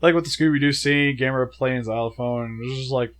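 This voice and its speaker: A young man co-hosting a casual movie review, chatty and animated with lots of filler words, feeling sick. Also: mid-range voice, fairly quick. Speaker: co-host of a movie review show.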